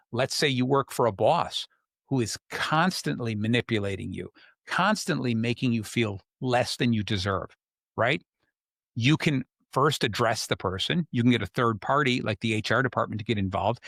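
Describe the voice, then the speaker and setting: A man's voice: mid-range voice, moderate pace, creaky, a bit bright, no echo, studio quality. Man hosting a casual advice chat. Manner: conversational, acts out quoted people. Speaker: host.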